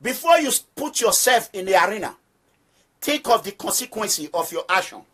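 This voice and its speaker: A man with a Nigerian accent speaks in a high, forceful voice with a tense edge. He delivers declamatory political commentary to his followers and hammers points home by repeating them. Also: very animated, moderate pace, husky. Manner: declamatory, emphatic, repeats phrases for stress; preaching address to listeners. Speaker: activist movement leader. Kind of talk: direct-address political commentary.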